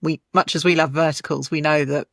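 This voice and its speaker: A woman hosting an interview podcast, enthusiastic and quick to react in casual chat. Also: sits low, steady tone, gravelly, no room sound, studio quality. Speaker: podcast host.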